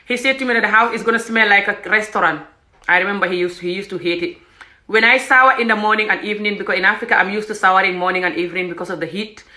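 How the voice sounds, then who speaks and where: A young Gambian woman tells her story with a lot of animation and often slips into the voices of the people she quotes. Her voice is bright and forward, and the room around her has a clear echo. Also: mid-range voice, rapid-fire. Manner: animated, acts out quoted speech, frequent "what the hell". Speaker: vlogger telling her story. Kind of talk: casual personal storytelling.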